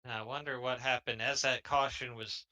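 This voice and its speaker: A man's voice: mid-range voice, fairly even intonation, moderate pace, bright, forceful tone. A man giving color commentary on a sim race, explaining things conversationally with many fillers.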